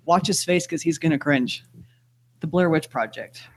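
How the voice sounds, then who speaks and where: Husky, fairly high-voiced man laughing along. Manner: laughs often, quick jokey asides. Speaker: podcast co-host. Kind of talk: casual chat.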